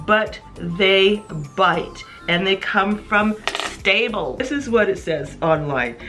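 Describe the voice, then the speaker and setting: Animated, laughing woman beauty vlogger. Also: mid-range voice. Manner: animated, laughing, acts out voices in her story. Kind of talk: chatty get-ready-with-me storytelling.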